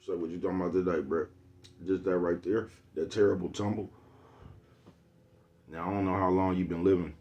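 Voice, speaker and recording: A man's voice: sits low, fairly even intonation, brisk, long pauses, muffled recording. A man giving a laid-back motivational vlog monologue, who keeps repeating "you know what I'm talking about.". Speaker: vlogger.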